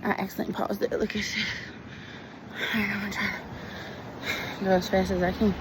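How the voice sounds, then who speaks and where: Out of breath on a hilly outdoor trail, a woman pants while chatting to her viewers in a casual walking vlog. Her medium-pitched voice is flat and moderately paced. It's a phone recording outdoors with loud background noise.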